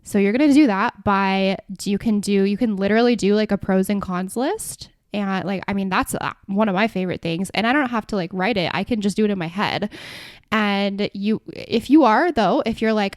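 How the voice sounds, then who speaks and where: A young woman hosting a solo podcast, talking casually with lots of "like" fillers and quick restarts. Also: medium pitch, no room sound, clean studio sound. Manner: chatty, heavy use of "like" and restarts. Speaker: podcast host.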